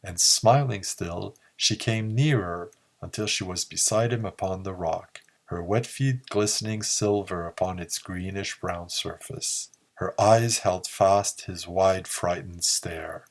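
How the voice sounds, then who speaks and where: A man narrating a pulp story in a slow, measured reading. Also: deep voice. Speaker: audiobook narrator.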